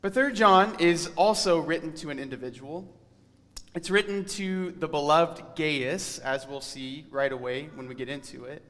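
A man preaching a sermon in an earnest, emphatic way, slowing down to read scripture aloud. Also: fairly high pitch, a bit bright, in a large hall.

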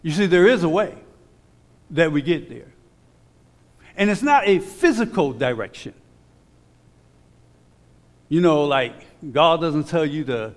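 Male preacher, slightly high voice, emphatic scripture reading with casual asides, in a hall with a long reverb tail. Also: expressive, measured pace, pauses often. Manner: conversational asides with repeated restarts. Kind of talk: sermon.

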